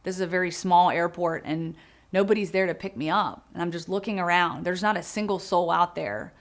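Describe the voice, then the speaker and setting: Creaky-voiced woman recounting a loss. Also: fairly low pitch, brisk. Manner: vivid storytelling, reliving the moment in present tense. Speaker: interviewee in a family documentary. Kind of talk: emotional first-person recounting.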